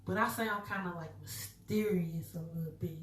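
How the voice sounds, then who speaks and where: A young woman gives a casual intuitive card reading in a low, steady voice at normal speed, sounding candid, goofy, and profane and laughing often. The roomy recording uses a distant mic, with faint music and a little hiss or hum.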